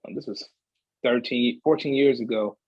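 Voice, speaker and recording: A man's voice: mid-range voice, normal speed, no echo. A man, a guest singer on a casual podcast interview, talking in a laid-back way on a slightly dull, muffled mic. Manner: laid-back, laughs easily.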